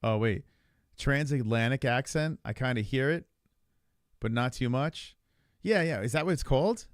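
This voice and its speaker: A man co-hosting a casual podcast, talking in an animated, profane and rambling way. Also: medium pitch, moderate pace, no echo, clean studio sound. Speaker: podcast co-host. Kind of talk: casual chat about fights.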